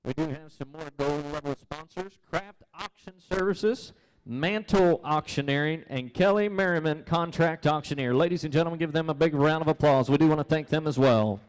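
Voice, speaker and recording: A man's voice: on the high side, normal speed, rough recording. A man announcing at an auction competition, introducing contestants and sponsors in an upbeat way. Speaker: event announcer. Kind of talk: event announcements.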